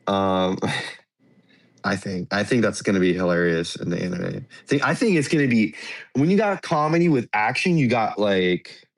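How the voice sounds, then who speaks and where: Low-voiced easygoing man. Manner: easygoing, page-by-page recap with fillers. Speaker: podcast co-host. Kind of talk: casual chat walking through a manga chapter.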